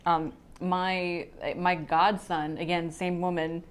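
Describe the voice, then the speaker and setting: A woman guest chatting casually and warmly about food she loves. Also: fairly low pitch, little pitch movement, slow pace, clear, resonant tone. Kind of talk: casual chat.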